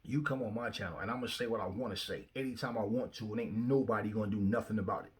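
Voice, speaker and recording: A man's voice: lowish voice, fast talker. A young man hosting his own channel, ranting to camera with a confrontational, profane delivery and frequent repetition. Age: young adult. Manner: confrontational, profane, repeats himself. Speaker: channel host. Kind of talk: heated rant to camera. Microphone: phone facing him.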